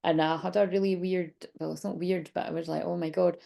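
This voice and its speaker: A woman's voice: fairly low pitch, little pitch movement, fairly quick, vocal fry, dark tone. A woman in her late thirties doing a chatty, rambling tarot reading vlog, hiccuping and a bit out of breath. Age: 30s. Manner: rambling, chatty, many restarts. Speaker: tarot reader.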